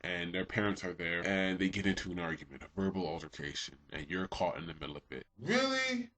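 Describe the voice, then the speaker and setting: A man's voice: sits low, steady tone, fast, a bit bright. A young man in a casual comedic monologue, acting out both sides of his own exchanges in raised voices. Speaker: vlogger.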